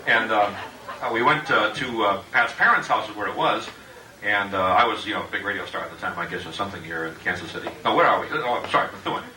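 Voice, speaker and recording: A middle-aged man giving a joking roast speech at a party, halting with many uhs and laughing at his own jokes. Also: lowish voice. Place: party room with guests. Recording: echoey room, distant mic, background noise.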